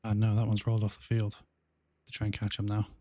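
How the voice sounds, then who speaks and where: A man's voice: on the low side, monotone, quick pace, warm tone, dry recording. A man with a South Welsh accent chatting casually on a gaming livestream, rambling with lots of fillers and restarts. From South Wales. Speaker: gaming streamer.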